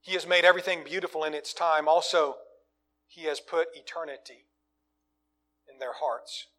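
A man preaching a sermon, swinging from loud, emphatic lines to quiet, low asides. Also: fairly even intonation, moderate pace.

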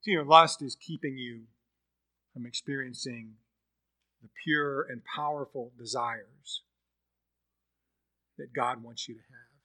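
A man's voice: mid-range voice, fairly even intonation, takes it slowly, pauses often, pushed and bright. A man preaching a sermon, telling a story and acting out its dialogue. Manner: storytelling, acts out quoted dialogue.

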